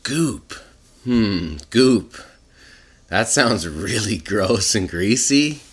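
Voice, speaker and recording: A man's voice: lowish voice, lively intonation, very slow, slightly rough. A man co-hosting a casual word-game chat, playful, laughing often and tripping over his words. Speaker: co-host.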